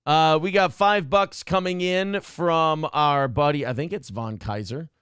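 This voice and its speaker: A man's voice: a little high, measured pace, fairly bright tone, clear, resonant tone, dry recording, studio quality. A man hosting a casual live show, joking crudely and reading out viewer messages. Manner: joking, reads chat messages aloud.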